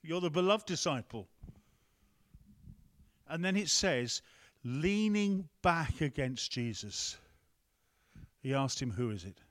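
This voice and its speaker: A man's voice: fairly high pitch, lively intonation, slow pace, pauses often, fairly bright tone. A man preaching a conversational sermon, breaking off to ask the room and the tech team for help. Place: church hall with a screen.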